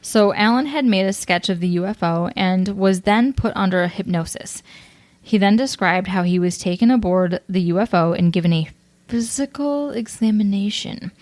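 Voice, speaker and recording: A woman's voice: medium pitch, normal speed, a little mellow, no room sound. A young woman co-hosting a casual true-crime podcast, reading from her notes and laughing often, a little tipsy on whiskey. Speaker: podcast co-host presenting the case.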